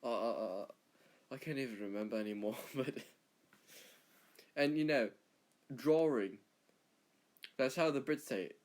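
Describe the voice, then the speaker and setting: A man's voice: mid-range voice, measured pace, pauses often, darkish tone, lightly acted. A man doing a put-on English accent, playing a smug Englishman who rambles and repeats himself. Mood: rambling. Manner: hesitant, rambling, repeats words. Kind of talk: comedic accent impression.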